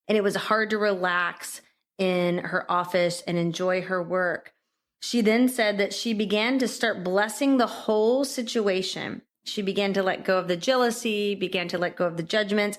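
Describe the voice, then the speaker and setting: Earnest woman podcast host. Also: medium pitch. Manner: earnest, affirming, repetitive spiritual encouragement. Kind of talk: solo motivational podcast talk.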